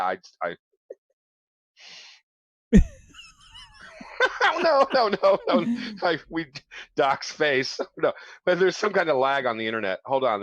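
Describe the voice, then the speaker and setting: A man's voice: medium pitch, a bit bright, no echo. A man hosting a casual live-stream chat show, joking and rambling. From mix of New York and Midwest. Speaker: show host. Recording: dull lo-fi stream audio.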